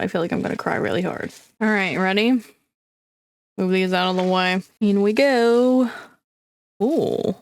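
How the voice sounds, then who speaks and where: A woman's voice: mid-range voice, smooth. A woman chatting casually through a crafting vlog, talking to viewers with dramatic, squeamish groans and frequent laughs. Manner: chatty, self-deprecating, laughs often. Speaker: craft vlogger.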